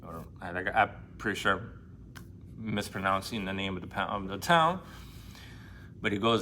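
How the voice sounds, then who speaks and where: A man casually retelling a novel, swearing freely and acting out characters' lines with excitement. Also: deep voice, unhurried, pauses often, slight background noise. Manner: profane, excitable, acts out quoted lines in a raised voice. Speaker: book vlogger.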